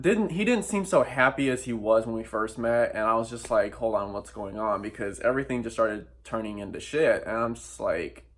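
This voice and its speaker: A young man from the Midwestern United States tells a personal story in a casual vlog. He speaks at a middle pitch and sounds animated and sassy. He often breaks into exasperated asides. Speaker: vlogger.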